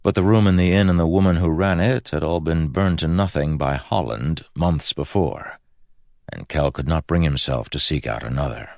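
A man narrating a fantasy novel in a measured, even storytelling manner. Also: extremely low pitch, creaky, dry recording, clean studio sound. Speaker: audiobook narrator. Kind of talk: scripted narration.

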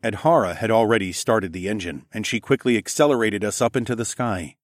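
A man with a fairly low voice reads a first-person adventure story aloud. His delivery is steady and matter-of-fact, and the recording is close and dry. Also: fairly quick, no echo. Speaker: narrator.

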